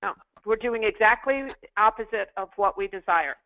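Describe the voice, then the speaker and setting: Woman, sales trainer, emphatic coaching, mid-pitched voice, tinny phone-line sound. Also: normal speed, a loud crowd. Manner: coaching, emphatic, repeats drills. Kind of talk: interactive online class.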